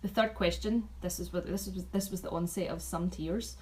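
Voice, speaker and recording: A woman's voice: lowish voice, moderate pace, rough recording. Chatty woman sharing takeaways. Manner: chatty, repeats and restarts, animated asides. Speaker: vlogger sharing event takeaways. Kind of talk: casual talk to team.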